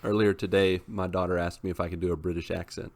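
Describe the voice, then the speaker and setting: A man's voice: low voice, flat delivery, fast. A man in his thirties hosting a casual podcast, opening with theatrical, playful introductions. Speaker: podcast host.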